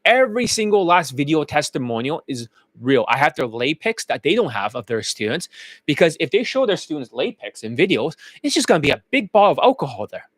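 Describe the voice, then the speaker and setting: A man's voice: on the high side, sing-song, a little fast, fairly bright tone, no echo. A man talking as a dating coach in a brash, boastful monologue, swearing freely. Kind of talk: casual promotional monologue.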